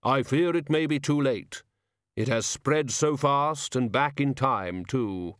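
A man reading a storybook, voicing a solemn hooded male gift-giver who speaks in a heavy, puzzled, slow way. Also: medium pitch, a bit bright, dry recording, studio quality, voice pushed up. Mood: grave.

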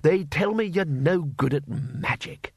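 Man doing a high, brusque old wizard boss for an audiobook, close and dry. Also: lively intonation, measured pace, slightly rough, no echo, full character voice. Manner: booming, brusque, commanding. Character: blustering elderly male wizard head. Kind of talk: audiobook character voice.

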